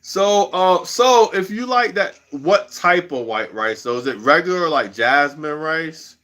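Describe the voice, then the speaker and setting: A man's voice: fairly high pitch, expressive, a little slow, a bit bright, soft background music. A man hosting a livestream in a slangy, rambling casual chat, laughing often. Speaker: livestream host.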